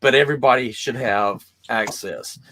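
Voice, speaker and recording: A man hosting a casual video-call chat who rambles, laughs often and talks in an animated way. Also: medium pitch, normal speed, slight background noise. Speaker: host.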